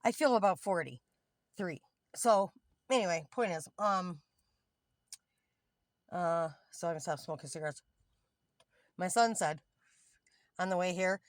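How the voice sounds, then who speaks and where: A woman's voice: lowish voice, measured pace, pauses often, no echo, studio quality. A woman in her fifties talking candidly into her phone from a parked car, rambling and getting heated at times. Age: 50s. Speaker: vlogger. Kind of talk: casual selfie vlog. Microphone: phone camera.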